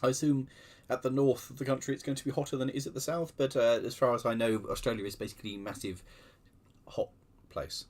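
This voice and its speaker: Husky-voiced man rambling on a livestream. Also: medium pitch, steady tone, fast talker, darkish tone. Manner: rambling, self-deprecating, many restarts and fillers. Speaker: livestream host. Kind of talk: casual livestream chat.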